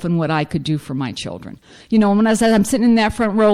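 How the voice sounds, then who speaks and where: A woman's voice: mid-range voice, animated, quick pace, darkish tone. A middle-aged woman giving a frank, self-mocking personal recovery testimony as a speaker at a meeting.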